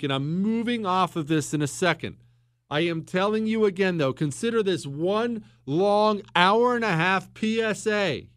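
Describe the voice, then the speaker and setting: A man's voice: sits high, a bit bright, no room sound, clean studio sound. A man hosting a political talk show, lecturing emphatically and repeating himself for stress. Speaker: podcast host.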